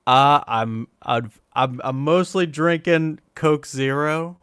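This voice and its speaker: A man's voice: fairly high pitch, takes it slowly, a bit bright, clear, resonant tone, dry recording, clean studio sound. A man being interviewed casually as a comic book creator, laid-back and a bit hesitant.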